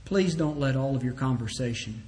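Speaking at a normal speed with a medium-pitched, darkish voice, a preacher addresses his congregation with an earnest sermon urging families on. He quotes scripture and plays out little conversations along the way.

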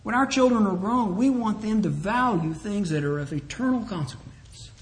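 A male preacher with a somewhat high voice delivers an earnest sermon. He exhorts his listeners directly and weaves in scripture readings and small acted exchanges. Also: expressive, moderate pace. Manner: earnest, exhorting, quotes scripture and acts out short dialogues.

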